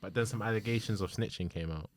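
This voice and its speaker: A man's voice: fairly low pitch, fast talker. A young man hosting a podcast, asking questions in casual slang. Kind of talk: casual chat.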